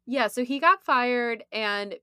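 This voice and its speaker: A woman's voice: on the high side, slow, sharp tone, smooth, dry recording, studio quality. A young woman co-hosting a podcast, talking casually with lots of fillers and frequent laughs. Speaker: podcast co-host. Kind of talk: casual chat.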